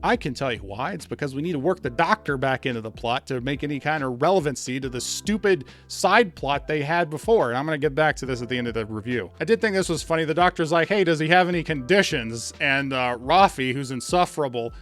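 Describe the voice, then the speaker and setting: A man giving a casual, sarcastic review of a TV episode, exasperated and animated. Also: medium pitch, fast talker, hardly any pauses, soft background music. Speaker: show reviewer.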